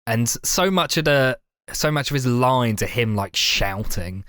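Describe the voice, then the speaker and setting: A man's voice: medium pitch, expressive, a little slow, fairly bright tone, clean tone, no room sound, studio quality. A man co-hosting a casual film podcast, rambling and laughing as he talks. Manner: laughing, rambling with lots of fillers. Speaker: podcast co-host. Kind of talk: casual chat.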